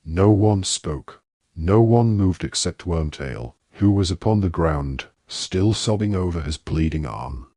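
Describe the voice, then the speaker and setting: A man narrating a fantasy audiobook in a measured, dramatic storytelling manner. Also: low voice, lively intonation, dark tone, no room sound. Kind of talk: scripted narration.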